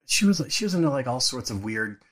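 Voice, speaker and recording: A middle-aged man co-hosting a podcast, telling family stories in a lively way, acting out voices and laughing often. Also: mid-range voice, brisk. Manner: animated storyteller, acts out quotes, laughs often. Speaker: podcast co-host. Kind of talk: casual storytelling chat.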